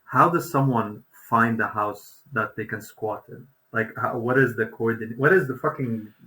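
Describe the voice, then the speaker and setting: Bright-voiced man jumping in with questions. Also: medium pitch, normal speed, low-quality recording. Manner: eager, jumps in with questions. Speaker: podcast host. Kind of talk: casual chat.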